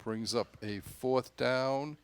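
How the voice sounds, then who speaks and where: A man with an everyday, mid-range voice calls play-by-play at a local high school football game. He tracks each down and yard line in a level tone. When a runner finds room, he quickly gets louder and higher. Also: smooth. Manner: rises in pitch and volume on big plays. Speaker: play-by-play announcer. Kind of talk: play-by-play commentary.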